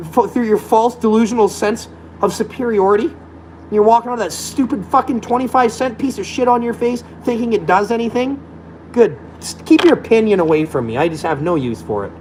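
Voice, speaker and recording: A man's voice: very high-pitched, brisk, darkish tone, a little hiss or hum, rough recording. A man delivering a blunt, profane, scornful rant to camera as a vlogger. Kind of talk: profane ranting monologue.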